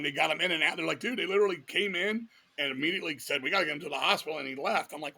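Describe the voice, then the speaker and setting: A man's voice: on the high side, vocal fry, bright, forceful tone, husky. A middle-aged man from Virginia, a metal vocalist guest telling wild stories full of profanity and quoted voices. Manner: profane, fast-paced anecdotes with voiced quotes. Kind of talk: animated storytelling in casual talk.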